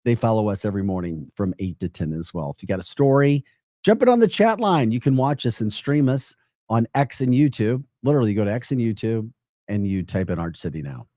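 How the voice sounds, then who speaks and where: A man hosting a morning radio show in a casual, joking way, speaking with a St. Louis Midwestern accent. His voice is mellow and dark. The sound is dry and close to the mic. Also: lowish voice, fairly quick, dry recording. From St. Louis, Missouri. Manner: chatty, joking, animated asides.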